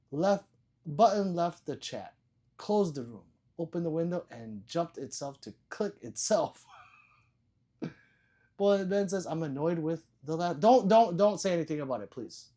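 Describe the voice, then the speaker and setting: A man's voice: a little high, expressive, unhurried, mellow. A man hosting a casual livestream, reading viewers' chat messages aloud, joking, laughing and swearing freely. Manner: loose and profane. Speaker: livestream host.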